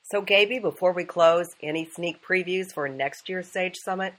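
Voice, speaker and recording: Woman podcast host, polished and upbeat, slightly low voice. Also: normal speed, a bit bright. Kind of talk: scripted podcast narration.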